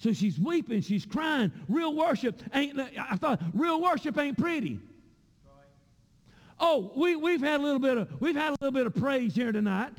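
A man preaching a sermon in a church sanctuary, with a repetitive cadence that rises into shouts. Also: very high-pitched, lively intonation, normal speed, long reverb tail.

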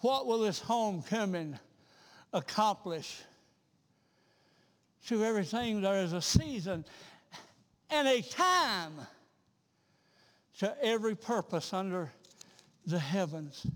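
A man preaching a revival sermon in a church, talking in a rhythmic, repetitive way that swells into loud, fervent peaks. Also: sits high, animated, slow pace, long pauses, in a large hall. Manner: rhythmic, repeats himself, builds to loud fervent crescendos. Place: church sanctuary.

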